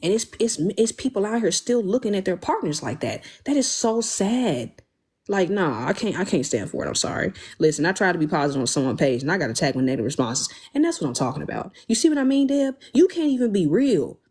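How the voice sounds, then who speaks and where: A young woman hosting a casual livestream, talking in an animated, emphatic, slangy way and thanking viewers as she goes. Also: mid-range voice, fast talker, slightly rough. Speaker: livestream host.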